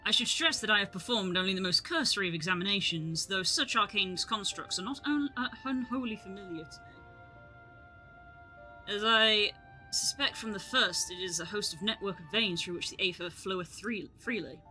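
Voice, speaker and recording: A woman's voice: medium pitch, brisk, pushed and bright, faint music behind, close to an everyday voice. A woman voicing a verbose male scholar who talks in old-fashioned Shakespearean phrasing, reading game lines aloud. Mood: solemn.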